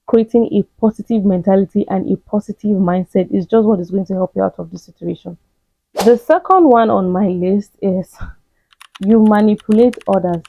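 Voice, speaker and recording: A woman's voice: medium pitch, dry recording. A woman giving a blunt, preachy self-help talk, hammering the same points again and again. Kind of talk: direct-to-camera advice monologue. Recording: tinny phone-like sound.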